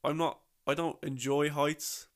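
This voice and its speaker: A man's voice: a little high, level tone, unhurried. A young man telling a rambling, casual story about a trip, full of slang and restarts.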